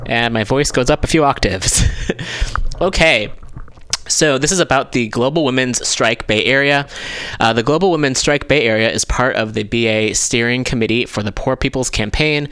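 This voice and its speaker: A man hosting a community radio show, reading event announcements in a relaxed, chatty way and correcting himself as he goes. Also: mid-range voice, normal speed, clean tone, no echo. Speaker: radio host. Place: radio studio. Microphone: studio microphone.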